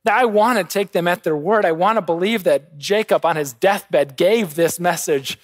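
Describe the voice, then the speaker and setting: A man preaching a sermon, swinging between quiet intensity and raised urgency. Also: high-pitched, normal speed, no echo. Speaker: pastor.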